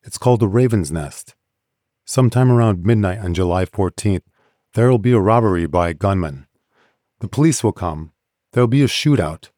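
A man's voice: lowish voice, expressive, normal speed, warm tone, no echo, clean studio sound, natural voice. Man voicing an urgent, shaken man. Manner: urgent, insistent. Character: shaken man thrown back in time, urgent.

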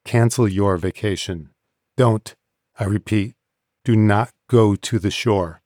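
A man's voice: on the low side, slow pace, darkish tone, no echo, clean studio sound. A man voicing a stunned, urgent man lost in time in an audiobook. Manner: urgent, insistent. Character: shaken man thrown back in time, urgent.

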